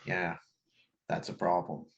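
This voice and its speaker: Low-voiced guy narrating his character in a tabletop game, dry and playful. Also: completely flat delivery, takes it slowly, vocal fry, dull audio. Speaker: player.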